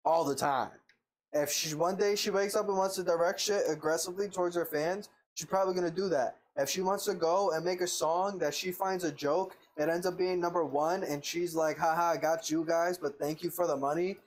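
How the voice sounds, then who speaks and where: A co-host of a casual podcast who speaks frankly and swears freely. The voice sits at a middle pitch and lays out opinions at length. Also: steady tone, a little fast, a little hiss or hum, poor audio. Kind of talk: casual chat.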